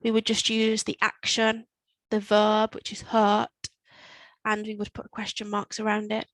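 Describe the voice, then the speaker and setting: A woman teaching Spanish to learners, repeating phrases slowly and explaining them step by step. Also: mid-range voice, completely flat delivery, fairly bright tone, no room sound, poor audio. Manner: slow, careful modelling of Spanish phrases. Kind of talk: recorded language lesson.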